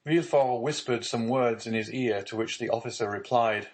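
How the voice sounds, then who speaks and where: A man narrating a classic novel as an audiobook reader, in measured, even storytelling. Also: medium pitch, low-quality recording. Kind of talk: scripted narration.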